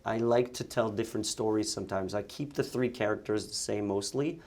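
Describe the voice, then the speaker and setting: Young montreal guy, low gravelly voice, chatty, laughs a lot, keeps restarting sentences. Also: fairly quick, a little mellow. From Montreal, Canada. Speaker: actor and sketch comedian guest. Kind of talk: casual interview chat.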